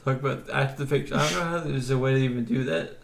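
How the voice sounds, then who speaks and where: A man co-hosting a comedy podcast, talking in a halting, deadpan way. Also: mid-range voice, creaky. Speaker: podcast co-host. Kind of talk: casual chat. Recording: echoey room with faint noise.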